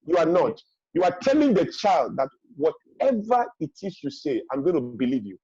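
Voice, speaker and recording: A man's voice: fairly high pitch, sing-song, moderate pace, dark tone, dull audio. A middle-aged man, speaking as a guest in a webinar, emphatic and repetitive, with a preachy manner. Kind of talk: advice talk in a webinar. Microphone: video call.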